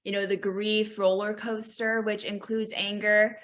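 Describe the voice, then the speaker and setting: Hosting a webinar conversation, this woman introduces a mentor and poses questions encouragingly, often dropping in "you know." She speaks unhurriedly at a medium pitch, with a flat delivery and a fairly bright tone.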